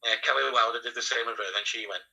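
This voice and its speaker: Man, Northern English accent, husky, very bright tone, animated storyteller. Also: mid-range voice, racing, low-quality recording. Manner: animated storyteller acting out quotes, laughing often. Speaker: radio presenter guest. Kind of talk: casual anecdote telling.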